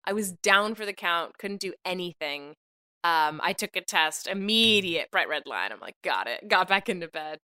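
A woman's voice: fairly low pitch, normal speed, clean tone. A woman co-hosting a podcast in casual, playful chat, her voice congested from a cold. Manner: playful, lively banter. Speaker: podcast co-host.

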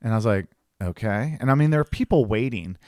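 A caricature artist speaks quickly in a dry, clean studio recording, telling a story in casual conversation. He's animated and swears a lot, acting out the people he quotes with big leaps in pitch.

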